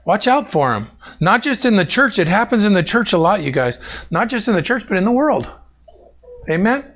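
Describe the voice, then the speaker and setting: A man preaching in a warm, chatty way, weaving personal stories into his sermon. His voice is a bit high for a man and has a gravelly edge. He often turns to the congregation and addresses people by name. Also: normal speed. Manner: animated, talks directly to congregation members by name. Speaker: pastor.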